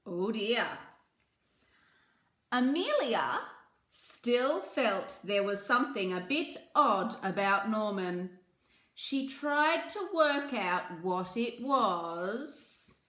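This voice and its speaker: A woman reading a children's picture book aloud, slow and gentle, with asides about the pictures. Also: medium pitch, very animated, echoey room. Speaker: children's story reader.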